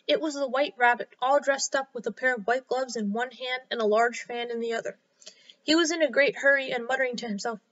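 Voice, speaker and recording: A woman reads a children's story aloud with clear, expressive delivery. Her voice is high and bright. The recording is a little dull and lo-fi. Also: a little fast. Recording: slightly dull lo-fi sound.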